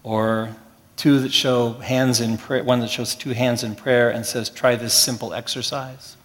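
A man preaching a sermon as pastor, measured, with slow emphatic pauses. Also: medium pitch, level tone, a bit bright, in a large hall. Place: church.

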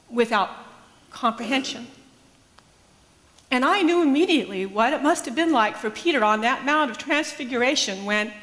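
A woman's voice: a little high, a bit bright. Earnest woman pastor telling a story. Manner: earnest, measured, reflective. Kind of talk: personal faith storytelling. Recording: long hall reverb.

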